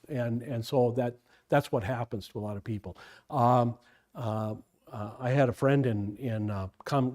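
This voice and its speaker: A man's voice: medium pitch, darkish tone. An older man, a pastor leading an informal Bible study, talking in a rambling, digressive way full of restarts.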